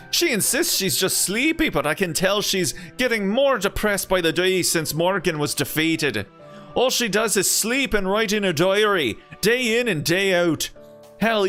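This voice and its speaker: A man's voice: high-pitched, fairly bright tone, voice pushed up. A man doing a chatty Irish-accented ally. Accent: put-on Irish. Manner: chatty, exaggerated lilt. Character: cheerful Irish-accented young male ally.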